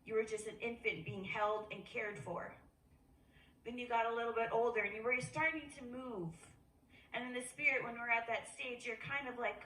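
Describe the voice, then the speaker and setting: A woman preaches in a casual, animated way, dropping into quoted voices with sudden shifts in pitch. Her voice is bright and sits a little high. She is picked up from a distance in a roomy, echoing space. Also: normal speed. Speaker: speaker at a worship gathering. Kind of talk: informal sermon. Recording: echoey room, voice from a distance.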